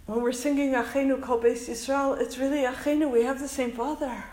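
A woman's voice: high voice, fairly even intonation, brisk, darkish tone, echoey room, rough recording. Earnest Canadian woman telling a story. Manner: earnest, emotional, peppered with Hebrew and Yiddish words. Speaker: school principal and summer camp director. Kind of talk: heartfelt storytelling talk to an audience.

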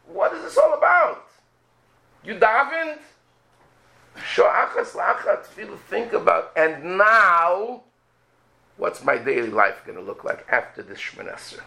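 High, gravelly man giving a religious lecture. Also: sing-song, a little slow, pushed and bright, low-quality recording. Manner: rhetorical questions, acts out prayers. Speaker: rabbi.

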